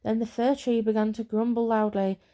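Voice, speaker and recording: Soft-spoken woman reading a storybook aloud. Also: on the high side, flat delivery. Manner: slow and soothing.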